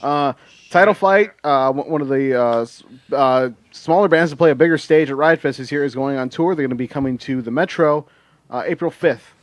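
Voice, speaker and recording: A man's voice: fairly high pitch, fairly quick, dry recording. A man co-hosting a casual podcast, reading out music news in a rambling way with lots of fillers and swearing.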